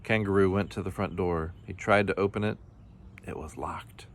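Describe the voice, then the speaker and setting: Male storybook reader, lowish voice, gentle expressive read-aloud. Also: moderate pace. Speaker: children's book reader.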